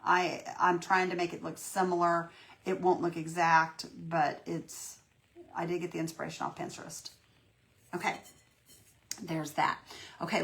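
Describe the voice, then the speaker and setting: A folksy woman chats through a live painting demo, warm with her viewers and talking herself through every brushstroke. Her voice sits fairly low and has a gravelly, fried edge. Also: slight background noise. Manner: chatty, folksy, greets viewers by name, self-reassuring. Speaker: craft livestream host. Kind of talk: casual live painting tutorial.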